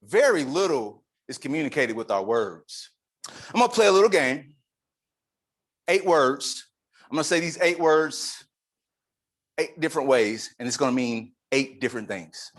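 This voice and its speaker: A man giving a lively leadership talk at a conference, emphatic and playful with the audience. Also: medium pitch, normal speed, pauses often. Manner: animated, emphatic, playful with the crowd. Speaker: conference speaker. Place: conference room.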